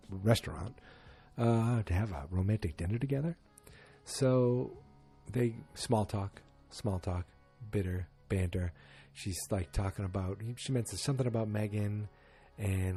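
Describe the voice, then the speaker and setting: A man with a warm, husky, lowish voice hosts a casual solo podcast, retelling scenes and acting out the quotes with sarcastic asides.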